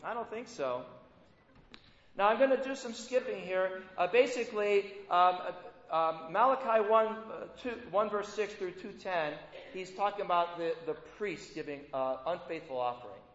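A man's voice: high voice, moderate pace, a bit bright. A man preaching a sermon in a conversational way, often putting rhetorical questions to his listeners. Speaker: pastor. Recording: echoey hall, dull lo-fi sound.

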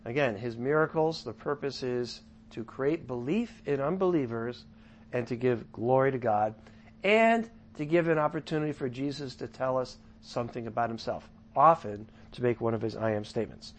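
A man leading a casual Bible study, paraphrasing scripture in his own words with chatty asides and swinging from loud to soft. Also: mid-range voice, moderate pace, slight background noise. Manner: lively shifts from loud to soft.

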